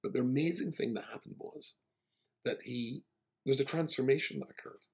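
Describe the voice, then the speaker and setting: A man's voice: mid-range voice, brisk, a little mellow, a little hiss or hum. A male rabbi telling a personal anecdote in a wry, self-deprecating way. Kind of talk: storytelling talk.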